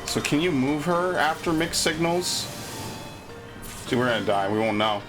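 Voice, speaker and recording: A man's voice: fairly high pitch, lively intonation, normal speed, music in the background. A man streaming a game live, commenting as he plays, swearing freely and griping sarcastically about his bad luck. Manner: profane, easily frustrated, sarcastic.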